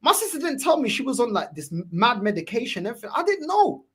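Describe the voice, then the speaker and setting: Animated, husky-voiced young man. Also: sits high, fast. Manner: animated storytelling, acting out quotes, laughs often. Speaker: podcast co-host. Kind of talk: casual chat.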